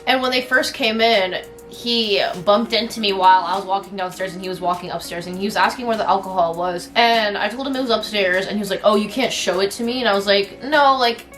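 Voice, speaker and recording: A woman's voice: medium pitch, a little fast, hardly any pauses, fairly bright tone, soft background music. A young woman telling a party story in casual, slangy chat, laughing often. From Russian background. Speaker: vlogger.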